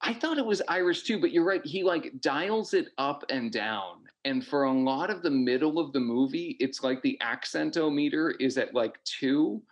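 A man's voice: a little high, moderate pace, few pauses. A man co-hosting a podcast, chatting casually about a film, rambling with lots of fillers and restarts. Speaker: podcast co-host. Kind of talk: casual movie review chat.

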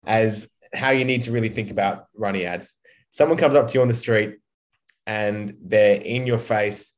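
Relaxed, rambling man talking marketing. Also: lowish voice, normal speed. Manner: relaxed, rambling, acts out quoted speech. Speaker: guest marketing expert. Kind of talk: casual podcast chat.

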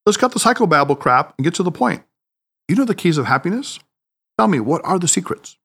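A proud, irritable psychiatrist, voiced by a male audiobook narrator, who booms his credentials in a raised, lively voice. He blusters with self-importance, pitched up and swinging widely in tone. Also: brisk, breathy edge, heavily acted. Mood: irritated. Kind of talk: audiobook character voice.

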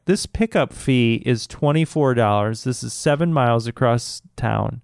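A man with a smooth, resonant voice tells a story of annoyance in an unvarnished, profane rant. He sounds close to the mic in a dry room with no echo. His pitch sits right in the middle for a man. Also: expressive, unhurried, hardly any pauses. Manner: profane, exasperated, mimics others in high put-on voices. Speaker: podcast co-host.

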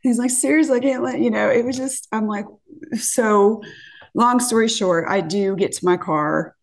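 A woman's voice: on the high side, moderate pace. A woman from California, a podcast guest, telling a dating story casually, acting out quotes and swearing freely.

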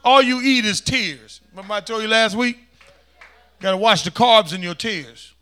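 High, bright-voiced preaching man. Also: normal speed, clear, resonant tone. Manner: call-and-response preaching, swings from loud to hushed. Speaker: pastor. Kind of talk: sermon.

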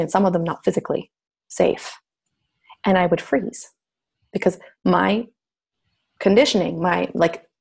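Middle-aged woman guest, low husky voice with gravel, reflective storyteller who slips into quoted voices. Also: darkish tone. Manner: reflective, acts out remembered voices. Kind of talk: candid personal storytelling.

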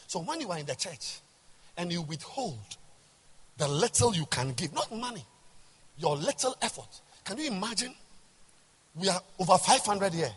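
A man, a bishop, preaching a sermon to a large congregation, emphatic and rhetorical, swinging from quiet asides to shouts. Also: a little high, sing-song, normal speed, slight background noise. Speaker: bishop and pastor. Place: large church hall. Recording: reverberant church hall.

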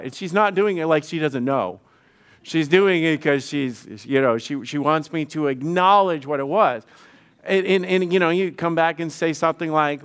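A man's voice: on the high side, moderate pace, clean tone. A middle-aged male pastor preaching conversationally, often repeating words and acting out quoted dialogue. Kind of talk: sermon.

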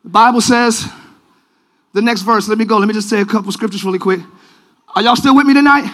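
A man preaching a live church sermon, leading the congregation in call-and-response and often shouting. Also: sits high, fast. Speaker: pastor. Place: large church sanctuary.

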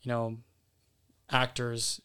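A man's voice: mid-range voice, completely flat delivery, slow, pushed and bright, clean tone. A man as guest actor on a podcast, talking candidly and casually, with some swearing.

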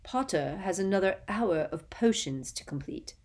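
A sneering schoolmaster clips off his words coldly and curtly. A woman reading a story puts him on. He gives orders with no warmth at all. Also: mid-range voice, lively intonation, moderate pace, lightly acted. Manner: curt, cold. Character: cold, sneering male potions teacher. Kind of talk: audiobook character voice.

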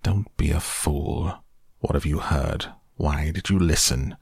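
A man voicing a stern, wise old wizard, speaking gravely and measuredly in an audiobook. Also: very deep voice, takes it slowly, darkish tone, no room sound, clean studio sound, full character voice. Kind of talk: audiobook character voice.

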